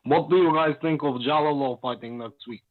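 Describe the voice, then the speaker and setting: A man's voice: a little high, brisk, no echo, phone-quality sound. A man calling in to a podcast, speaking briefly and abruptly. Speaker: caller. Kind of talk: phone-in call.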